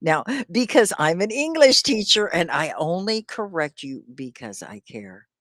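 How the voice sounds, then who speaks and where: A woman teaching English on a live stream, speaking slowly and clearly with encouragement, often laughing as she talks to viewers. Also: on the low side, very animated, a bit bright, no room sound, studio quality. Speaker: ESL teacher.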